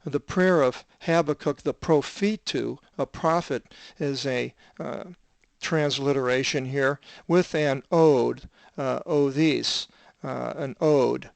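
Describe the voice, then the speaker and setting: Older male Bible teacher, gravelly and unhurried, reading Greek and pausing often on "uh". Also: medium pitch, no room sound. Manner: halting, many "uh" fillers, spells out Greek words.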